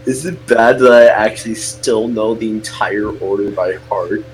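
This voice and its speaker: A man's voice: fairly low pitch, normal speed, a little hiss or hum, rough recording. A young man chatting casually, joking and interrupting a story reading. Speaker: co-host listener. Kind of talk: casual chat.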